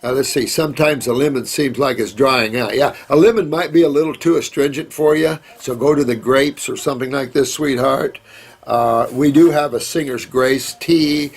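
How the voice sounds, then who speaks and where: A middle-aged man answers viewer questions in a loose, rambling, folksy manner, calling people sweetheart. His voice is gravelly with a husky edge, at an ordinary pitch for a man. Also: moderate pace. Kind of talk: casual live Q&A.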